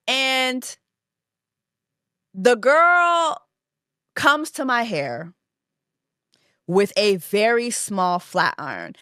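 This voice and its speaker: A woman in her thirties tells a story on her podcast in a loose, animated, profane way. Her voice is middle in pitch. It is recorded dry and close, with no room sound. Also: extremely slow, long pauses, no room sound. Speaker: podcast host. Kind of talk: casual storytelling monologue.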